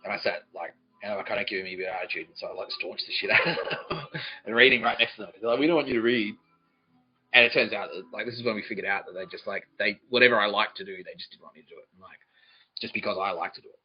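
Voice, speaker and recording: A man's voice: on the low side, fairly even intonation, very fast, highs cut off. Profane ranting man in his forties. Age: 40s. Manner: profane, ranting, mock-angry. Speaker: podcast host. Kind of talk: comedic storytelling monologue.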